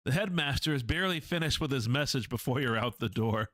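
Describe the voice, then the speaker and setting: Reading a visual novel aloud, this man speaks briskly with few pauses in a mid-range voice. He performs it dramatically, giving each character a lively voice and throwing in asides of his own.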